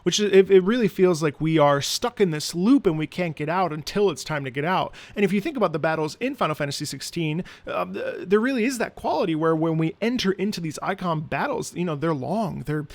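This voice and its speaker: A man with a high, light speaking voice talks through a piece of music with animated, analytical enthusiasm. He speaks as an opera singer in a music reaction commentary. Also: a little fast, few pauses. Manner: animated and analytical, breaks into sung demonstrations.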